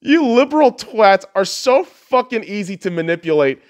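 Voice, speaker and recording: Lively, crude ranting man. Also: sits high, normal speed. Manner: blunt, crude, mocking; laughs at own jokes. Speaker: podcast host. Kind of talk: profane solo rant.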